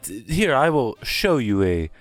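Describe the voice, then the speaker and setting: A man plays a tall male elf who sells information, speaking with a put-on Irish accent. He talks in oily, persuasive salesman patter with a lively, swooping pitch. Faint music plays underneath. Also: a little slow. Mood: salesy.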